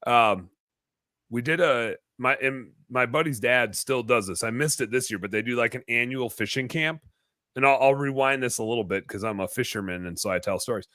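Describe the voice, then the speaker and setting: A man hosting a podcast in casual chat, cracking deadpan teasing jokes. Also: mid-range voice, normal speed, dry recording. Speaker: podcast host.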